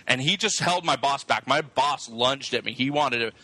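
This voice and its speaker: A man's voice: medium pitch, normal speed, no room sound, rough recording. A man telling a long, profane story in casual chat, stumbling over his words and restarting often. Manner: animated, profane, stammering restarts.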